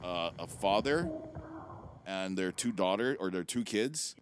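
A man's voice: low voice, expressive, measured pace. A man co-hosting a podcast, casually explaining things and swearing among friends. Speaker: podcast co-host. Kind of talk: casual chat. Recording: background noise.

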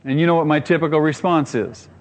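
A man's voice: on the high side, steady tone, quick pace, long reverb tail. A man preaching a sermon as pastor, earnest and emphatic, often repeating his phrases.

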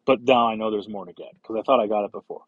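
A man's voice: lowish voice, steady tone, fast, breathy edge, no room sound, phone-quality sound. A man hosting a solo podcast, talking casually in a rambling way with many fillers, restarts and casual swearing. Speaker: podcast host.

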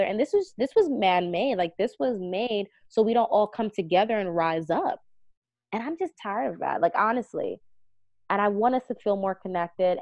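As a guest on a casual podcast, this American magazine CEO and editor chats earnestly, filling her speech with "like" and other fillers. She has a medium-pitched, darkish voice with no room sound, though the audio comes across dull and slightly muffled.

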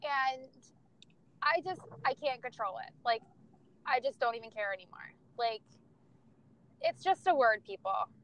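A woman's voice: high voice, expressive, unhurried, long pauses, fairly bright tone, dull audio. A young woman telling candid, profane stories about her family in casual chat, laughing often.

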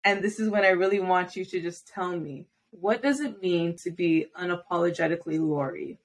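A woman's voice: fairly low pitch, normal speed. A young woman hosting a podcast interview, encouraging and enthusiastic with her guest. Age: young adult. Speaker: podcast host. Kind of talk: casual interview chat.

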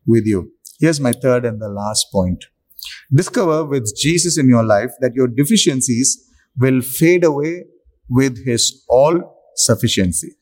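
A man preaching a sermon, slow and emphatic, with long pauses for effect. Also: mid-range voice, darkish tone.

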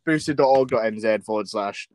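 A man's voice: lowish voice, normal speed, darkish tone, slight background noise. A young man, co-hosting a podcast in an offhand, joking way. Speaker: podcast co-host. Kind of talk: casual chat.

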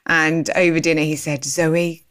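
Low-pitched woman, interview guest, personal storytelling, animated, acts out old conversations. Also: moderate pace. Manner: animated, acts out remembered dialogue.

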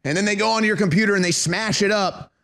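A male talk show host with a very high voice launches into a heated political rant. He hammers his points with mocking repetition and sound effects. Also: fast, gravelly, bright, forceful tone.

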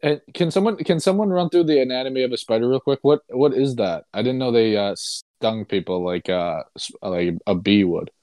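A man in his twenties co-hosting a casual podcast, reacting in a jokey, excitable way. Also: mid-range voice, moderate pace, hardly any pauses, no room sound, clean studio sound. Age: 20s. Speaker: podcast co-host. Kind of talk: casual chat.

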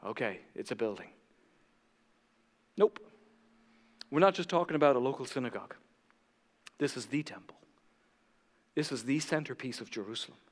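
A man preaching a sermon, animated, acting out the voices of critics and swinging between loud and hushed delivery. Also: medium pitch, normal speed, long pauses. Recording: long hall reverb.

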